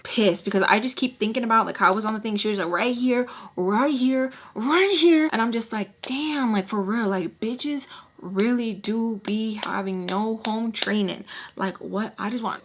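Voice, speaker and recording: A young woman telling a casual storytime vlog, animated and profane, acting out quotes in other voices. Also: a little high. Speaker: storytime vlogger.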